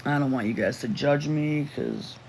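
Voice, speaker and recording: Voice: mid-range voice, normal speed, darkish tone, a little hiss or hum. A livestream host telling a personal story in casual chat, rambling with restarts and asides while reading the chat aloud. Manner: rambling, with self-interruptions and restarts.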